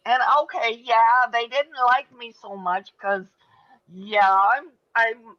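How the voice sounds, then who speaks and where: A woman's voice: on the high side, slow. Rambling Michigan woman on a muffled line. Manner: rambling, jokey, swearing. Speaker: panelist. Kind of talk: casual chat. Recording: muffled lo-fi audio.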